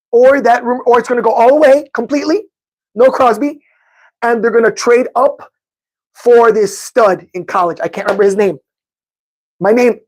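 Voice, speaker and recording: A man hosting a casual live-stream sports podcast, talking excitedly and greeting viewers in the chat by name. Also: high voice. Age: adult with a son. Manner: excitable, talks to chat viewers by name, says bro a lot. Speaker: podcast host.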